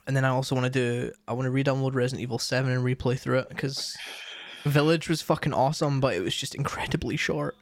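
A young man talks casually, wandering through his stories with constant fillers and false starts. His voice sits at an ordinary middle pitch and is recorded dry and close. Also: steady tone, quick pace, dry recording. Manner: rambling, frequent fillers and restarts. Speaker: streamer and co-host. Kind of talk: casual chat.

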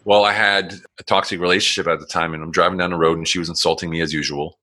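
A man's voice: low-pitched, fairly even intonation, quick pace, pushed and bright. A man in his forties, a guest telling his life story in casual, blunt, rambling talk with plenty of swearing and acted-out quotes. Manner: frequent restarts and fillers, acts out quotes.

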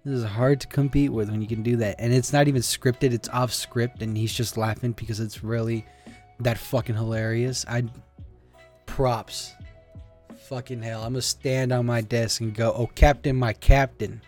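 A man's voice: medium pitch, level tone, normal speed, a little mellow, faint music behind. Rambling man in casual solo chat. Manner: rambling, swearing, emotional.

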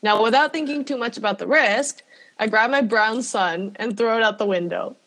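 A woman co-hosting a chatty podcast, reading a listener's story aloud. Her voice sits a little high, and her delivery is lively and full of laughter. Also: moderate pace. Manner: animated storytelling, laughs often. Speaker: podcast co-host. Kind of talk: casual chat, reading out listener stories.

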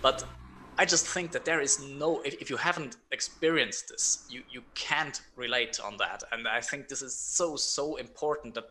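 A man speaks candidly in casual conversation, often repeating words as he searches for the right phrasing. His voice is bright and forward, sitting at an ordinary middle pitch, with a faint hiss of noise beneath it. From Switzerland. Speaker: triathlon coach and podcast guest.

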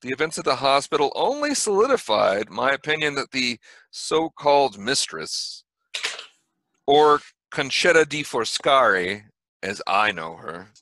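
A man voicing a mysterious stranger in a fedora, speaking in a calm, measured and coldly polite way over a video call. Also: medium pitch, dry recording.

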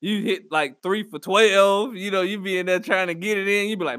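Here a man runs his own podcast, his voice sitting high with a steady, fairly bright tone at normal speed. He banters in a joking, slangy, rambling way on his own. The studio-quality audio has no echo.

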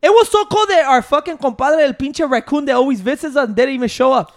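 Guy on a podcast, really high voice with a gravelly rasp, swearing and ranting about fishing trips. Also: quick pace. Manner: animated storytelling, heavy swearing, code-switching. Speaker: podcast co-host. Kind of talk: casual banter.

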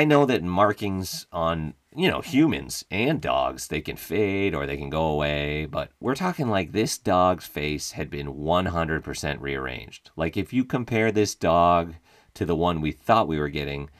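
A man's voice: low voice, a bit bright, no echo, studio quality. A young adult man casually telling a profane, wry comedic story about his own mishap, laughing as he goes. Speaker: podcast host telling a personal story.

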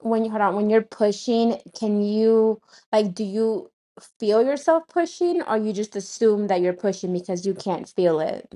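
A woman hosts a relaxed conversation, curious and quick with blunt follow-up questions. Her voice sits at a middle pitch with a mellow, warm tone. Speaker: podcast host. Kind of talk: casual chat.

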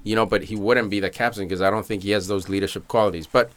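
A man's voice: lowish voice, fairly even intonation, fast talker, fairly bright tone. A man co-hosting a casual soccer podcast, laid-back and rambling through his opinions. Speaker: podcast co-host. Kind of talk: casual chat.

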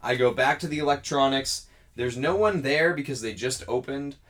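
A man's voice: mid-range voice, moderate pace. A man co-hosting a podcast, casually telling a long story and acting out the other people's lines. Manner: animated storyteller acting out dialogue. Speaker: podcast co-host.

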